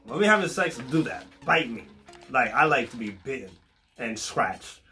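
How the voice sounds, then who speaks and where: In a couple vlog with soft background music, the boyfriend co-host talks casually with his girlfriend at a moderate pace. His medium-pitched voice is bright and forceful with big pitch swings, and his chatter is loose, slangy and laced with swearing.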